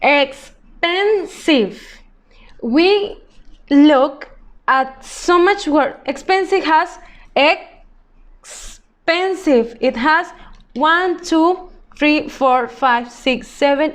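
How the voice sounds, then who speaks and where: Slow, high-voiced woman teaching a class. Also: fairly bright tone. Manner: slow and patient, drawing out example words. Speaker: English teacher. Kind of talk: recorded grammar lesson for children.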